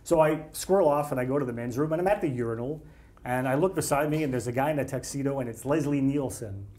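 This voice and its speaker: A man, a screenwriter guest on a talk show, telling animated anecdotes with quotes acted out in a casual chat. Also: mid-range voice, quick pace. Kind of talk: casual storytelling.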